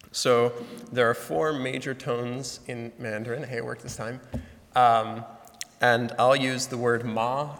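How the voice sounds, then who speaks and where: A man's voice: medium pitch, a bit bright. A young man student giving a class presentation, explaining step by step and demonstrating sounds aloud. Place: lecture room with large slides. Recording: reverberant hall sound.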